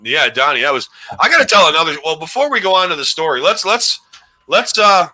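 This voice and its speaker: A man in his forties hosts a relaxed podcast, rambling through old memories with a friend. His voice is very bright and forceful and sits a little high. He laughs easily as he talks. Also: a little fast. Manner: rambling, laughs while telling stories. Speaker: podcast host. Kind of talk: casual storytelling chat.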